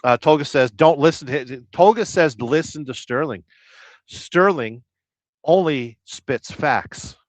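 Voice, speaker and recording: A man hosting a livestream, chatting casually and reading viewer comments with rambling, deadpan jokes. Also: fairly high pitch, unhurried, dry recording. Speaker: livestream host. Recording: dull lo-fi dry sound.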